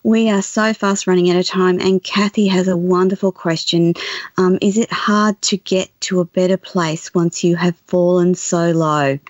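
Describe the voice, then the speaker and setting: Lower-voiced woman podcast host. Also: fairly even intonation, moderate pace, no room sound. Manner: supportive, affirming. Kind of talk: casual conversation. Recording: dull dry sound.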